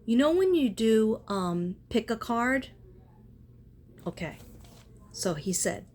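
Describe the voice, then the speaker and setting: A woman's voice: on the high side, big pitch swings, slow, long pauses, darkish tone, slight background noise. A woman chatting casually in a spiritual vlog, rambling and earnest, often breaking off and restarting. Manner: rambling, self-interrupting, earnest. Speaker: spiritual artist and vlogger.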